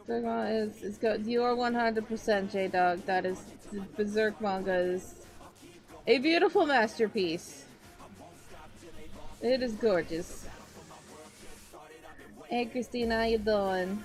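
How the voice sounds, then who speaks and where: Slow, playful woman streamer. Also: medium pitch, vocal fry, darkish tone, faint music behind. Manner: playful and teasing, greets chat by name, silly noises. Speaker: VTuber streamer. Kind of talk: casual live-stream chat.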